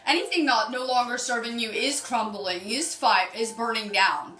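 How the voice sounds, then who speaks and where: A woman streaming a casual spiritual card reading, chatty and upbeat as she greets viewers by name. Her voice is bright and a little high. The room is echoey, with faint music playing behind her. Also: normal speed. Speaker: spiritual healer reading cards on a live stream.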